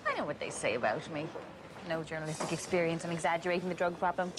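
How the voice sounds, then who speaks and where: A woman's voice: low voice, fast, lightly acted. An actress with an Irish accent playing a defiant, blunt woman crime journalist in a film clip. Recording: film clip with ambient noise.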